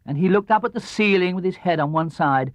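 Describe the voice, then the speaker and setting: A man reading a children's storybook aloud in an expressive, lively way, on an old studio record. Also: fairly quick, dry recording. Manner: lively, expressive, drops low and soft for narration tags. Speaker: audiobook reader. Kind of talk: storybook narration. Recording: dull, dry 1970s LP studio recording.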